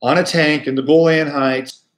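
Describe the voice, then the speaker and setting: A man's voice: fairly high pitch, fairly even intonation, moderate pace. A man hosting a casual astrology talk, speaking in a rambling, conversational way full of fillers. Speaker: astrologer host.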